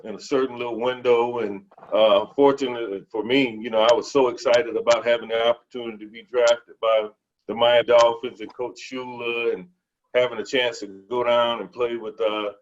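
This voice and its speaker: A man, a guest telling stories in a relaxed, easygoing way. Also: medium pitch. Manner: relaxed, warm storytelling with many "you know" fillers. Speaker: podcast guest, former football player. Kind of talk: casual interview conversation. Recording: dull lo-fi remote audio.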